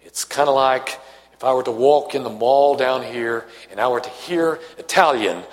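A man's voice: medium pitch, moderate pace. Man teaching a bible study, echoey hall. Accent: Southern US, faint. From Tennessee. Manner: conversational, asks the class questions, reads scripture aloud. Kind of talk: bible study lesson to a small class.

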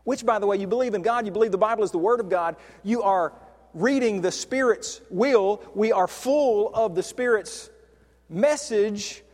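High-voiced preacher in reverberant hall. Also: male voice, darkish tone. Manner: conversational, with frequent restarts and slow stressed words. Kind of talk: sermon.

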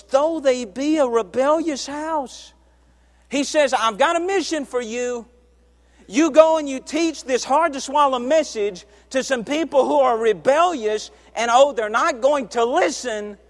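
A man from the United States preaching a sermon, swinging between loud emphatic peaks and low hushed stretches. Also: moderate pace. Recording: long hall reverb.

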